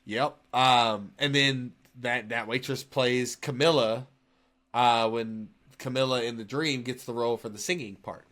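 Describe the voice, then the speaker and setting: Animated bright-voiced man. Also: medium pitch, measured pace. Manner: animated, laughs while retelling scenes. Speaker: podcast co-host. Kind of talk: casual movie discussion.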